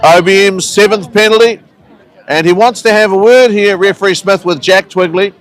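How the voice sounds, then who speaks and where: A man giving relaxed, chatty live commentary on a local rugby match, with friendly asides between the plays. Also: high voice, normal speed, a faint crowd, low-quality recording. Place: outdoors at a rugby ground.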